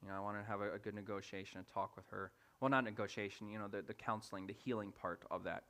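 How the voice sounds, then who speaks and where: A man in his thirties preaching in a church, telling a family story in an animated way and acting out the voices of his family. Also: fairly low pitch, quick pace. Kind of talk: storytelling sermon. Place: church sanctuary.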